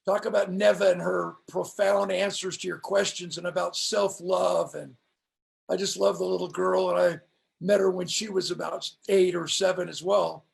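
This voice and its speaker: A middle-aged man telling stories as a motivational speaker in an interview, with an emphatic, preacher-like cadence that slows down for punch lines. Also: high-pitched, flat delivery, vocal fry. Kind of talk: storytelling on a live stream interview.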